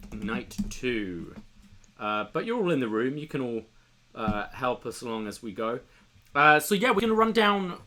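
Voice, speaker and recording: A man hosting a casual live podcast stream, steering the chat with easygoing "uh"s and "um"s. His voice is bright and forward, and it stays at a middle pitch. He sounds relaxed and loosely organized as he keeps things moving. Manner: easygoing, hosting with many fillers. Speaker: podcast co-host.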